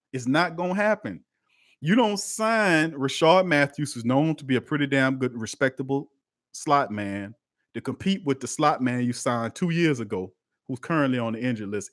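A man, hosting a live-streamed sports talk show and chatting with his viewers, swinging between loud outbursts and quiet asides. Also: a little high, dry recording, studio quality. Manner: lively and conversational, talks to chat, swings from loud to quiet.

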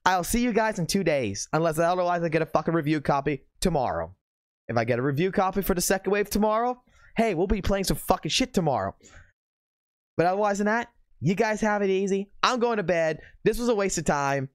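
A man's voice: sits high, animated, brisk. A man hosting a game livestream, talking casually and ranting with heavy cursing. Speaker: game streamer, host.

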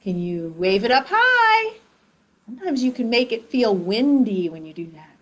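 A woman hosting a children's sing-along activity lesson, who talks slowly and encouragingly, straight to young children at home. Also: high voice, wildly swooping pitch. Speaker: children's program host.

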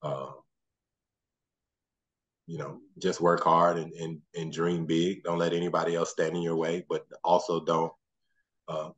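Deep low guy in his 40s, husky, keeps saying you know, laid back interview chat. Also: little pitch movement, unhurried, pauses often. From Mississippi, USA. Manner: soft-spoken, trails off often with "you know". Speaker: guest, former basketball player and coach.

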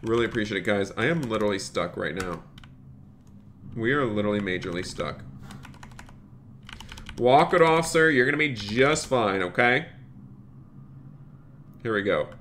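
Bright-voiced man streaming a game. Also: lowish voice, lively intonation, moderate pace, pauses often, slight background noise. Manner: chatty, thanks viewers by name, says "you guys" often. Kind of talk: live-streamed gameplay commentary.

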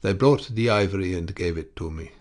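A man voicing a calm, impassive male station clerk in an audiobook, speaking broken English slowly and evenly. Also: low-pitched. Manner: broken English, unhurried and even. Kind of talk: audiobook character voice.

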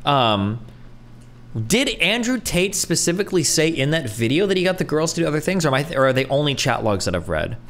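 A man's voice: fairly high pitch, big pitch swings, brisk, fairly bright tone. A man reacting live on stream, blunt and profane in casual commentary.

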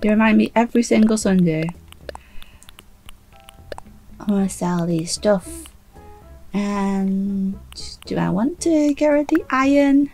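A woman's voice: medium pitch, unhurried, darkish tone, rough recording. Woman, casual game commentary, chatty, self-mocking, sleepy, faint background music. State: sleepy, trying not to yawn. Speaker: gaming YouTuber.

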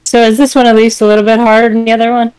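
A woman guest chatting casually during a let's play, relaxed and asking curious questions. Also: a little high, very fast, clear, resonant tone, rough recording. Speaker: guest co-player. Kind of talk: casual gameplay chat.

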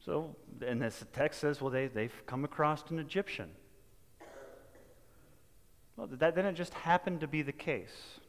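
A man's voice: on the high side, a little slow, long pauses, long reverb tail. A male pastor giving a sermon in a conversational, folksy manner, often restarting his phrases. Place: church sanctuary.

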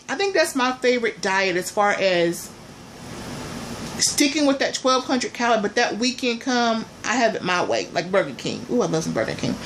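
Lively chatty woman vlogger. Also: fairly high pitch, slight background noise. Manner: chatty, playful, addresses viewers as y'all; animated, swings between soft asides and loud exclamations. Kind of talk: casual chat to viewers.

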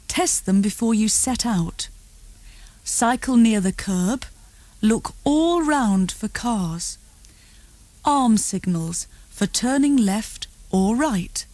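Slow, tuneful woman reading a storybook. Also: medium pitch, warm tone, no room sound. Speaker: audiobook narrator.

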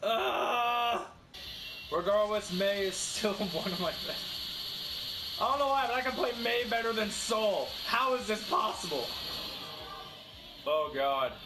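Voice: medium pitch, expressive, slow, long pauses. A gamer commenting on their own play, incredulous, repeating questions and breaking into laughter. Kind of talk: casual gameplay commentary. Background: game music.

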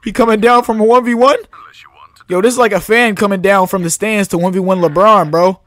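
A young man giving live, excitable, slang-heavy commentary as he plays a video game. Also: high voice, brisk, dry recording. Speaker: gamer.

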